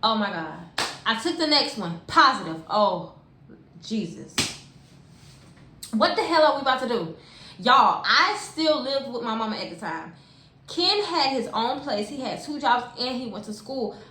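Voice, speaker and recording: A young woman telling a personal story in a casual, animated way, using lots of slang and talking straight to her viewers. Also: on the high side, measured pace. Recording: echoey room with faint hiss.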